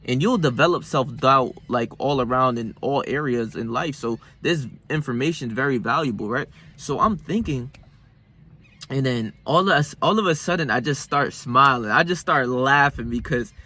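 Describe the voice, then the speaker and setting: A man's voice: medium pitch, normal speed, bright, forceful tone. A young man vlogging about self-improvement in a casual, profane monologue. He tells the story loosely, with lots of slang and fillers.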